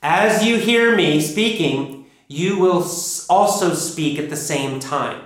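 A man giving an English pronunciation lesson, speaking emphatically and deliberately, repeating his key instructions. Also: fairly high pitch. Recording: very echoey room.

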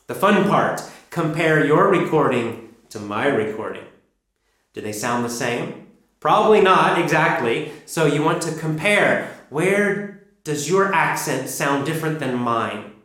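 A man giving an English pronunciation lesson, speaking emphatically and deliberately, repeating his key instructions. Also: on the high side, a bit bright. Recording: very echoey room.

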